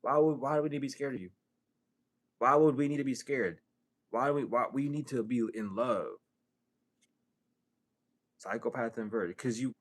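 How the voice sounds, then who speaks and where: A man giving a casual spiritual reading, profane and streetwise, full of rhetorical questions. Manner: swings from low mutter to high exclaims. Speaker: spiritual reader.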